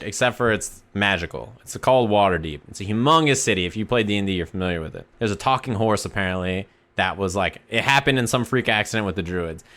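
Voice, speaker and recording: A man streaming, casually telling a rambling, profanity-laced story to his chat. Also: fairly low pitch. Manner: animated, profane, rambling anecdote.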